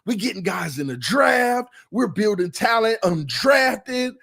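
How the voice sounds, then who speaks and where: High-voiced man ranting on a fan livestream. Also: a little slow, creaky. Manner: emotional, animated and confessional; casual, repeats himself for emphasis. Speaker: sports fan show host.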